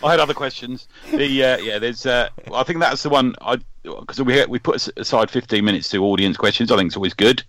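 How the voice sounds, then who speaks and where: A man's voice: mid-range voice, fairly quick, hardly any pauses, fairly bright tone, no echo. A man hosting a casual chat, telling rambling anecdotes with swearing and frequent laughs. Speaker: podcast host and panel moderator.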